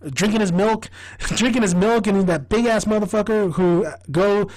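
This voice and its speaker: High-voiced man gushing over a show. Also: normal speed, rough recording. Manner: rambling and excitable, laughs often, swears freely. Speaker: TV show reviewer. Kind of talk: casual fan review vlog.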